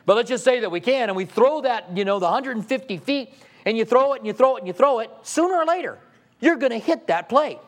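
A man's voice: extremely high pitch, lively intonation, fast talker. A man preaching a sermon in a conversational way, asking the congregation rhetorical questions and acting out quoted voices. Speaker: pastor.

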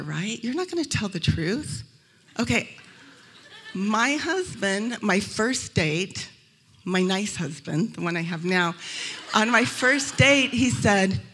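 A woman from Arizona speaks at a Christian event in a hotel room, her voice slightly husky and breathy at a middle pitch. She tells funny stories with energy and acts out every quoted voice as she goes. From Arizona, USA. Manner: lively storytelling, acting out quoted voices. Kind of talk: humorous faith talk to a live audience.

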